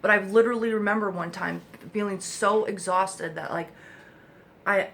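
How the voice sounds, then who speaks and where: A woman's voice: medium pitch, fairly even intonation, normal speed, vocal fry, fairly bright tone, slight background noise. A woman speaking as the mother of an autistic child, giving blunt, emphatic advice to other parents in a rambling monologue with casual swearing, recorded in a room at home.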